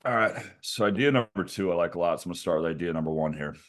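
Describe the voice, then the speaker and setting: A man co-hosting a casual comedy podcast, riffing jokes quickly. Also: deep voice. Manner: quick, joking riffs. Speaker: podcast co-host.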